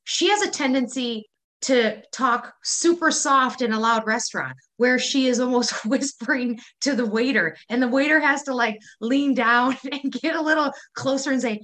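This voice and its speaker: Female podcast co-host with a Wisconsin accent, bright higher voice, laughs a lot. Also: expressive, a little slow. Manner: giggly, laughs often. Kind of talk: casual chat.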